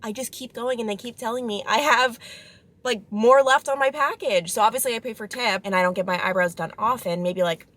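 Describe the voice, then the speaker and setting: A woman in her twenties with a fairly high voice talks a little fast, chatting casually to camera as a vlogger. She's chatty and animated, telling stories packed with fillers.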